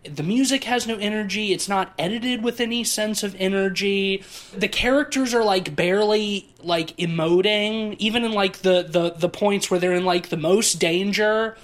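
A man's voice: high voice, normal speed. A man co-hosting a podcast, chatting casually about an old movie and filling his sentences with "like". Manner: rambling, heavy use of "like". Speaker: podcast co-host.

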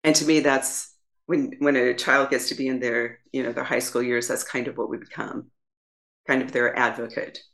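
A woman's voice: very deep voice, level tone, normal speed, vocal fry, a bit bright. A woman guest on a podcast, talking reflectively with many restarts and repeated phrases. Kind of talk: casual interview talk.

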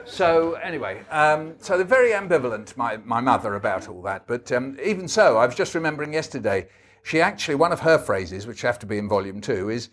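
An older man talks through his memories at a book event. His delivery is wry and anecdotal, unhurried, sitting at an ordinary middle pitch. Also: big pitch swings, fairly bright tone. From England. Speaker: author guest. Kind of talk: storytelling book talk.

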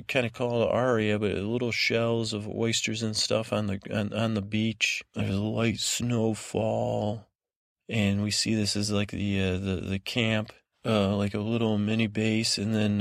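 A man's voice: on the low side, creaky, dry recording, clean studio sound. A man hosting a sleep podcast, giving a meandering recap of a TV episode with lots of fillers and restarts. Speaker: podcast host. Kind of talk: rambling bedtime recap.

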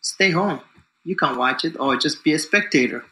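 A man's voice: fairly high pitch, lively intonation, moderate pace, pushed and bright. A man in his forties, a distance runner being interviewed, talks confidently in a loose, rambling way with lots of fillers. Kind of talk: casual interview talk. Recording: echoey room.

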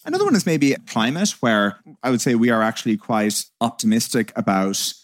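A man's voice: medium pitch, very animated, a little fast. A man, a tech company co-founder, answering interview questions in a fluent, conversational way with frequent "you know" fillers.

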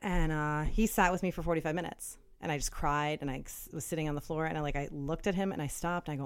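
A woman's voice: sits low, fairly even intonation, fast, few pauses, clean tone. A woman co-hosting a podcast in casual chat, telling stories and acting out the people she quotes. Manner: chatty storyteller, acts out quoted voices. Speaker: podcast co-host.

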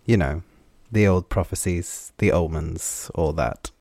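A sharp-tongued woman healer who loves making people squirm, as a man reads her. Her wry, blunt lines sit low in the voice. The reading is close and dry. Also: a little slow, dry recording. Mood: teasing.

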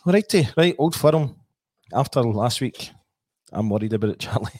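A man's voice: medium pitch, lively intonation, moderate pace, darkish tone, dry recording. A Scottish man hosting a casual football podcast, jokey and chuckling as he moves through the segments. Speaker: podcast host.

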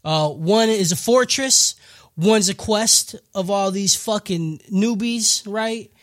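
A man's voice: sits high, takes it slowly, fairly bright tone. A man voicing a brash female guild receptionist with blunt, slangy talk. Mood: casual. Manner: slangy, laid-back delivery.

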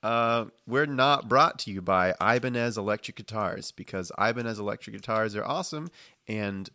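A man's voice: on the low side, normal speed, bright, forceful tone, no echo, studio quality. A man running a casual tabletop game as game master, joking, laughing often, and hesitating with fillers.

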